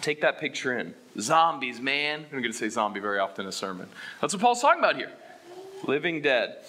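Animated, bright-voiced male pastor preaching. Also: mid-range voice, brisk. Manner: animated, asks the room questions, swings from loud to hushed. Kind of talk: sermon.

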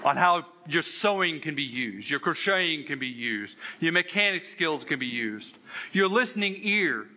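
A man's voice: on the high side, lively intonation, normal speed, pushed and bright. A man pastor preaching a sermon, telling a candid, self-deprecating story with earnest emphasis. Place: church sanctuary.

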